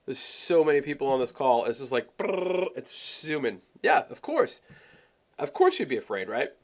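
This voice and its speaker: A man presenting a sales training webinar, talking in an animated, emphatic coaching way. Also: medium pitch, moderate pace.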